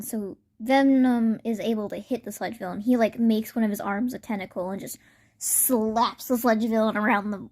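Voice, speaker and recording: A young woman telling a made-up fan story out loud in a casual, rambling way, full of fillers. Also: a little high.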